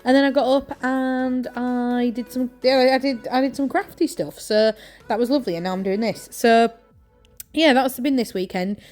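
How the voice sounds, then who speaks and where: Chatting to camera at home while she crafts, a young East Yorkshire woman with a matching accent keeps a journaling vlog. Her voice sits on the high side, a little mellow, at a moderate pace, with faint music in the background. She rambles cheerfully, leaning on fillers and correcting herself often.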